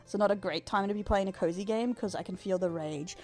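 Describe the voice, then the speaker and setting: A woman's voice: mid-range voice, fairly quick, darkish tone, faint music behind. A young Australian woman with an Australian accent, live-streaming a game and chatting with her viewers, swearing and teasing them. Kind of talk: live-streamed gameplay chat.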